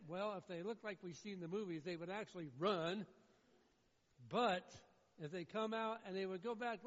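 A man preaching a sermon as pastor, swinging between loud, pleading emphasis and low, somber passages. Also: normal speed. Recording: dull, muffled sound with long hall reverb.

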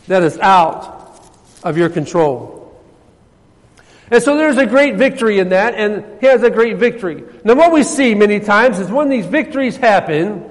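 A man preaching a sermon as pastor, swinging between loud emphasis and soft, hushed passages. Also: sits high, big-room sound.

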